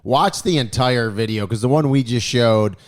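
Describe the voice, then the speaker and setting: A man's voice: medium pitch, normal speed. A man co-hosting a podcast, chatting casually and telling stories in a laid-back, chuckling way. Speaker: podcast co-host. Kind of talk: casual chat.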